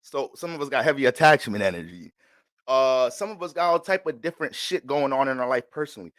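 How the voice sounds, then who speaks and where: A man's voice: mid-range voice, expressive, fast, a bit bright, dry recording. A man talking casually and profanely about astrology on his own channel, joking as he goes. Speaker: astrology vlogger. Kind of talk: casual monologue.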